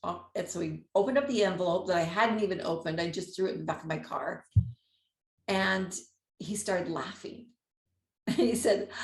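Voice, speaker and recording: A woman hosting a podcast, telling a personal story in an animated way, acting out the dialogue and laughing often. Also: medium pitch. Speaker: podcast host. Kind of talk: storytelling monologue. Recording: roomy echo.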